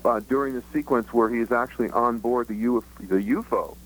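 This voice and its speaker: A man, a co-author guest on a radio interview, jumping in eagerly and painting scenes quickly. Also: mid-range voice, low-quality recording. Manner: quick, eager, jumps in with vivid scene-setting.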